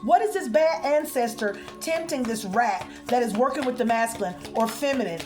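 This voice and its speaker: A somewhat high-voiced woman reads cards for her viewers in an animated, chatty way, stretching out her exclamations and calling them honey and y'all. Soft music plays quietly under her voice. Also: brisk, hardly any pauses. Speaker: spiritual card reader. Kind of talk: spiritual card reading to viewers.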